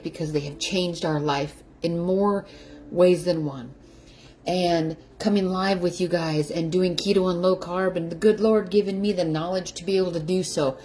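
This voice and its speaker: A woman's voice: lowish voice, darkish tone, slight background noise. A middle-aged woman hosting a casual live stream from her home kitchen, effusive and greeting viewers by name, growing teary-eyed. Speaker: keto lifestyle livestream host. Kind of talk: casual livestream chat.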